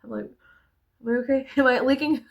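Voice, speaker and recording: A young woman talks straight to her viewers in a loose, rambling vlog, laughing easily and swearing without a second thought. Her voice sits a little high and carries a gravelly, fry-laden edge. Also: fairly quick. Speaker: vlogger. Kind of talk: casual chatty vlog.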